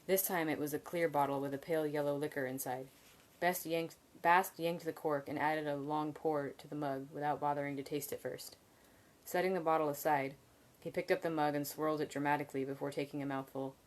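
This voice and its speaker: A woman reading a fantasy novel aloud on a live stream, measured and even, with occasional slips and restarts. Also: low-pitched. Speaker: reader.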